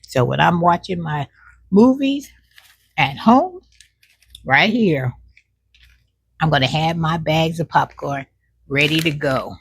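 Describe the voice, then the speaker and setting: A woman's voice: low-pitched, creaky, a bit bright, slight background noise. A woman doing a snack taste test in a casual, folksy chat, talking while she chews and humming over the food. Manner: talks while chewing, savoring with drawn-out hums; folksy, says "child" as an aside.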